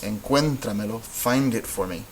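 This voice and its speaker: In poor audio with a soft background hum, a man teaching Spanish works patiently through a whiteboard lesson. His voice is fairly low, and he goes slowly, pausing here and there to fix his own mistakes.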